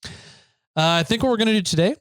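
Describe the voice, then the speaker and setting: Chatty joking podcast host, higher-pitched man. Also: fast, a bit bright, no echo, clean studio sound. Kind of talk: casual podcast chat.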